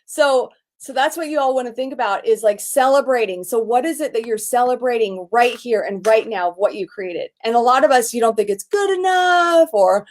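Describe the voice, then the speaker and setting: A middle-aged woman coaching a live online group in an energetic, enthusiastic way, at times bursting into excited shouts. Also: fairly high pitch, moderate pace, hardly any pauses. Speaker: business coach.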